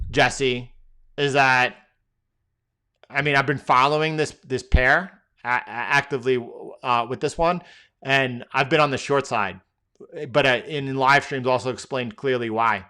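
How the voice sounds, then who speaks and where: A man hosting a live trading session, reading out viewer questions and answering them off the cuff. His voice is bright and crisp. He rambles, restarts sentences and fills the gaps with filler words. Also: mid-range voice. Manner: loose and rambling, many fillers and repeated words. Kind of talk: casual live-stream Q&A.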